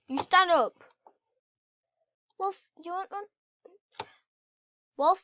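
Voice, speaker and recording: A woman giving casual, excitable commentary while playing a video game and chatting to her in-game pets. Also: extremely high pitch, drawn-out words, long pauses, dry recording. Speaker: gameplay channel host. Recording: dull lo-fi home recording.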